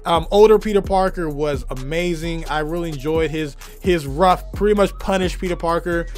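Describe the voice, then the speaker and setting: A young man with a hoarse, worn-out voice giving an enthusiastic, rambling movie review full of fillers. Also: fairly high pitch, moderate pace, faint music behind. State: hoarse, tired voice. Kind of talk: casual movie review vlog.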